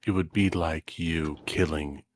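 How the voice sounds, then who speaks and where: A man voicing a grieving adventurer in a tabletop role-play, halting and stammering with emotion. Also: rumbling low, steady tone. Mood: anguished. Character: grieving adventurer torn over undead friends.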